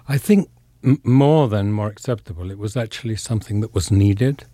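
A man from England, an actor being interviewed, talking in a reflective, halting way with many pauses and fillers. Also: lowish voice, warm tone, no echo, clean studio sound. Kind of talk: casual interview talk.

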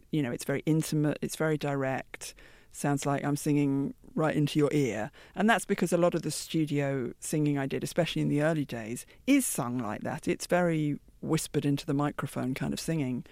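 Deep gravelly British woman in her fifties. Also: dry recording. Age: 50s. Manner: thoughtful, soft-spoken, many restarts. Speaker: guest singer. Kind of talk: reflective interview answers.

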